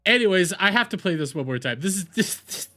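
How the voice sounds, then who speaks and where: A man's voice: sits high, lively intonation, fairly quick, sharp tone, faint music behind. A man hosting his live stream in casual chat, rambling with restarts and self-deprecating asides. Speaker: streamer host.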